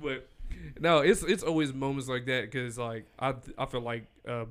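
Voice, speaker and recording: A man's voice: medium pitch, normal speed, clean tone. A man co-hosting a podcast in casual chat, telling stories animatedly with lots of "like" and "bro". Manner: animated storytelling with frequent "like" and "bro". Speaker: podcast co-host.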